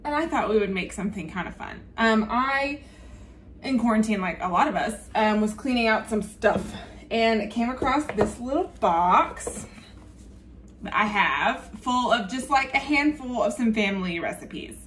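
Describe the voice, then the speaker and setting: A woman in her thirties with a Southern US accent chats casually in her home kitchen for her cooking vlog, rambling with plenty of ums. Her voice sits a little high with lively intonation, a moderate pace and a fairly bright tone, plus a slight hiss or hum.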